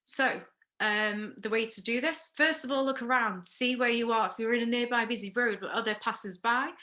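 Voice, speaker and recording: A woman runs a first aid workshop in this recording, covering each step, pausing to ask questions, and often checking in with "okay." She speaks at a fairly high pitch in a bright, forceful tone.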